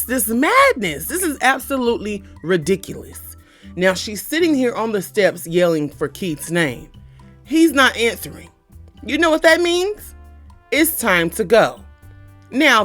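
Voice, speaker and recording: A woman retelling a horror film plot in a casual, animated, slangy and profane way, dropping into quick character voices. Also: on the high side. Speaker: movie review vlogger. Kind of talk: casual movie recap.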